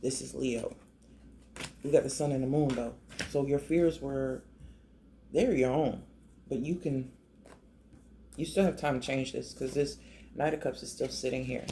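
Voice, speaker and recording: A man's voice: mid-range voice, fairly even intonation, unhurried, pauses often, warm tone, slight background noise. A man giving a casual, emotional tarot reading, talking conversationally with many restarts. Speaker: tarot reader.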